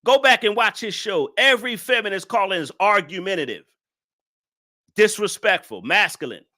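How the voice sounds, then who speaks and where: A man hosting a casual live stream, answering his chat with teasing jabs and frequent laughter. His voice is bright and sharp, and his pitch swings widely as he talks. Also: animated, normal speed.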